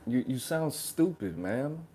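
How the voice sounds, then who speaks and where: Mellow-voiced man ranting in slang. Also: fairly high pitch, takes it slowly, creaky. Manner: slangy, ranting, keeps saying "bro"; animated, sarcastic mocking. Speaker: reaction channel host. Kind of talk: reaction video commentary.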